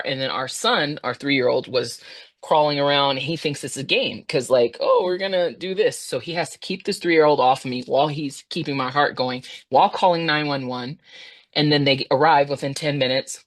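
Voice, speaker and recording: A woman in her thirties, a podcast guest telling a personal story, animated, jumping high in pitch when she acts out her own past words.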